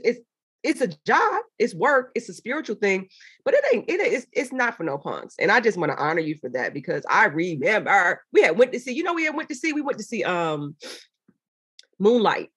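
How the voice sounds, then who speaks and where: Woman guest, somewhat high and husky, very animated storyteller. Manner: animated storytelling with excited high quoted voices. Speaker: interview guest. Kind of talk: casual interview chat.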